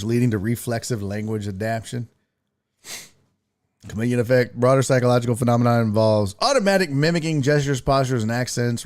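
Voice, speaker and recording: A man hosting a casual live-stream talk show, reading chat messages and riffing with profanity and laughter. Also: medium pitch.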